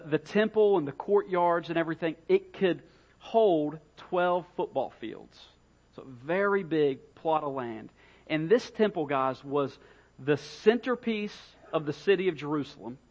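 A man's voice: a little high, highs cut off. A man, a pastor, preaching a sermon in a conversational way, often repeating key phrases for emphasis.

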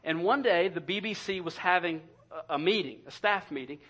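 A man's voice: high voice, a little fast, a bit bright. A man preaching an impassioned sermon as a pastor, repeating his points for emphasis. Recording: dull lo-fi sermon recording.

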